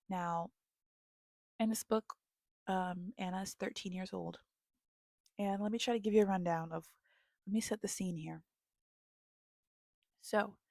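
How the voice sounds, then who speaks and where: A young woman sits close to the mic in a dry, dead-sounding room, talking about books she loves. She takes her time, goes animated when the story grips her, and sometimes sinks into a hushed whisper. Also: mid-range voice, creaky, dry recording. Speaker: book vlogger. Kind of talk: casual book recommendations.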